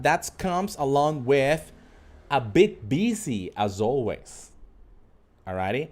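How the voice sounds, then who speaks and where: A man's voice: medium pitch, big pitch swings, measured pace. A man teaching a live online English lesson, talking straight to his viewers and drilling phrases by repeating them. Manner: addresses viewers directly as a group.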